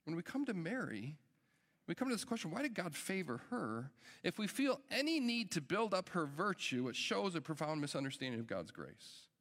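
A man's voice: on the high side, big pitch swings, moderate pace, fairly bright tone. A middle-aged man, a pastor, preaching a sermon in an earnest, emphatic way that builds with urgency. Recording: long hall reverb.

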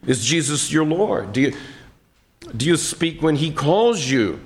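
Slow, deliberate male preacher. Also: fairly high pitch, sing-song. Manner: earnest, voices imagined objections in first person; slow, deliberate delivery with repeated phrases. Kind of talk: sermon.

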